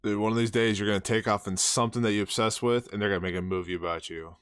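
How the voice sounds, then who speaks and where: A man's voice: fairly low pitch, fairly even intonation, racing, fairly bright tone, smooth, dry recording, studio quality. A man hosting a casual podcast interview, laid-back, laughing along with his guest and calling him "bro" and "dude". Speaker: podcast host.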